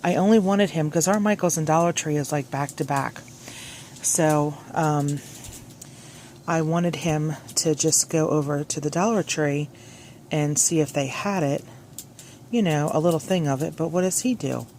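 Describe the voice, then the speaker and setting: A woman's voice: sits low, measured pace, darkish tone, a little hiss or hum. A woman talking through a DIY craft on her phone camera, chatty and scattered, often correcting herself. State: a little out of breath at the start. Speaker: crafting vlogger. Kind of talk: rambling crafting tutorial. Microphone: phone clipped on, hands-free.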